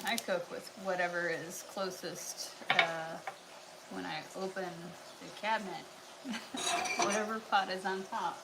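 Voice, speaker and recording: A woman's voice: lowish voice, steady tone, measured pace, creaky, heavy background noise. A woman hosting a casual livestream, chatting, joking and talking to her chicken at home. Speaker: livestream host.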